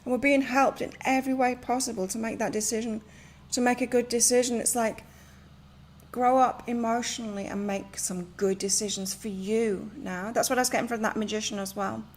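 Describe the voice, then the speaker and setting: A woman's voice: on the high side, fairly even intonation, brisk. A woman reading tarot and oracle cards on a live stream from her home, chatting and rambling as she gives spiritual advice. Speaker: tarot and oracle card reader.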